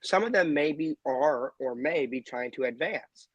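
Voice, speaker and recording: A man's voice: on the high side, animated, measured pace, dry recording, dull audio. A man co-hosting a podcast, making firm, emphatic points about officiating. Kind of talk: casual podcast discussion.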